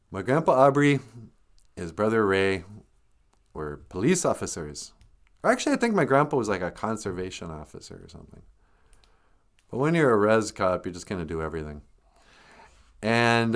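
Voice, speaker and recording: An older man hosting a casual livestream, greeting viewers and telling joking stories with frequent chuckles. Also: lowish voice. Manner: joking, storytelling, chuckles often. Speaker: livestream host.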